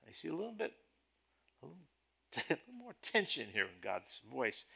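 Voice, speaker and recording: A man preaching a sermon as a pastor, deliberate and emphatic in his delivery. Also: fairly high pitch, huge pitch swings, gravelly, sharp tone, husky.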